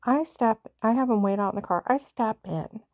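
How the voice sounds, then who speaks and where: With a voice on the high side and a darkish tone, a middle-aged mother speaks at a moderate pace in a dry recording. Her casual account of a painful family story is rambling and emotional, with many fillers and restarts.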